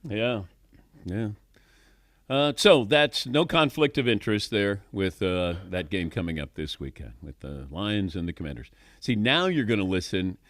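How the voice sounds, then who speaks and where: A man's voice: fairly low pitch, expressive, normal speed, a bit bright, dry recording, studio quality. A middle-aged man hosting a sports talk show, chatting casually and laughing often. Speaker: sports talk radio host.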